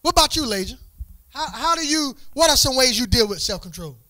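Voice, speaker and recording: A man's voice: very high voice, expressive, bright, forceful tone, no room sound. A man teaching young people at church in a casual, playful way, stumbling over repeated words and asking them questions. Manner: repeats words in quick restarts, asks the group questions.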